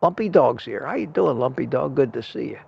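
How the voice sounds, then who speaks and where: Older male stream host, gravelly, chatty and meandering; muffled home-desk recording. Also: mid-range voice, animated, fairly quick. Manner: reads chat aloud, thanks viewers, rambling. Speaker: livestream host. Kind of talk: casual livestream chat.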